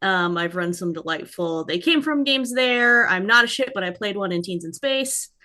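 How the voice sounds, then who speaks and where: A woman's voice: medium pitch, animated, moderate pace, bright, forceful tone. A woman casually introducing herself on a podcast in a cheerful, easygoing way. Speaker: podcast guest player.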